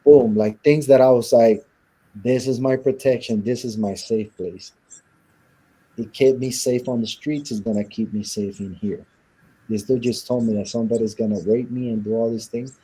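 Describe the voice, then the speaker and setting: Husky dark-voiced man telling his story. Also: mid-range voice, steady tone, moderate pace, rough recording. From Southern California. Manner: blunt and profane, acts out the guards' lines. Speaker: interview guest. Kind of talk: candid storytelling interview.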